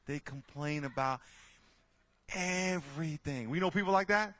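A man speaking to a group, telling lively stories and acting out the people in them with loud bursts. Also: on the high side, unhurried. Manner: lively, acts out characters with loud shouting bursts. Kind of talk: animated storytelling talk.

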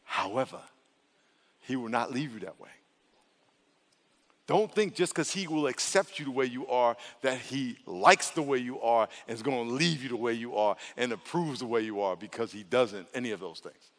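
Animated pastor preaching in a hall. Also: male voice, mid-range voice, normal speed. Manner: animated, calls for congregation responses. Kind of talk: sermon. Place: church sanctuary. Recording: long hall reverb.

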